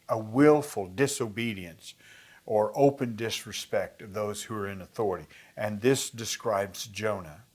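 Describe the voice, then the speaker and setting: A man teaching a Bible study lesson, explaining words in a conversational way and reading scripture aloud with emphasis. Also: medium pitch.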